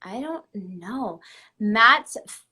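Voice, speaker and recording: A woman's voice: mid-range voice, expressive, extremely slow, sharp tone, breathy edge. A woman in her thirties chatting casually on a phone live stream, laughing easily and filling her talk with "like". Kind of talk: casual chat.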